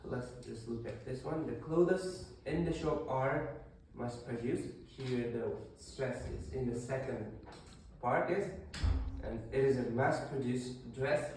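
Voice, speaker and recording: A man's voice: medium pitch, measured pace, darkish tone, a little hiss or hum. A male English teacher leading a classroom lesson, explaining step by step with fillers and restarts. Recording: very echoey room, voice far from mic.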